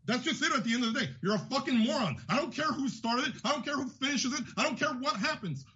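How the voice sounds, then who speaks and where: A man hosting a podcast, ranting angrily with constant swearing and shouting. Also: very high voice, expressive, fast. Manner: furious, profane, shouting. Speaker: podcast host. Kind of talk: angry profane rant. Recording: dull lo-fi audio.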